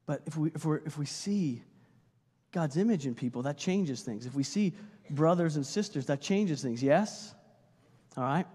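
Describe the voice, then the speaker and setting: A man preaching a sermon as pastor, animated, acting out quotes and joking with his congregation. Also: on the high side, moderate pace, breathy edge. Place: church hall. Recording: long reverb of a church hall.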